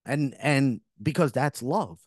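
A middle-aged man hosts a spiritual podcast, talking earnestly at a slow pace in a mid-range voice. He rambles, often restarting and correcting himself. The studio sound is clean, with no room sound.

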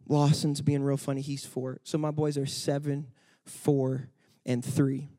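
A man in his thirties preaching a sermon, telling a family story and building to impassioned, shouted exhortation. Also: medium pitch, level tone, unhurried.

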